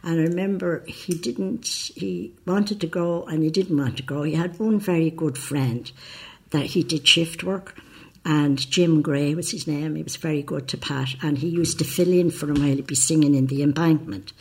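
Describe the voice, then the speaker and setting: A woman's voice: deep voice, normal speed, slightly rough. An older woman with an Irish accent, telling family stories in a rambling way with many fillers. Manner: rambling anecdotal, hesitant fillers. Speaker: interviewee. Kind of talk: casual reminiscing.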